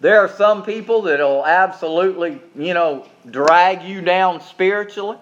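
A man's voice: sits high, unhurried, a bit bright, slight background noise. A man preaching a sermon in a folksy, emphatic way, with repeated asides to listeners. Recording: dull lo-fi recording.

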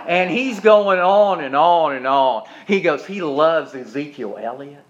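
A man preaching a sermon as pastor, shifting from loud, raised preaching to low, quiet storytelling. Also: animated, unhurried, few pauses, dull audio. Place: church.

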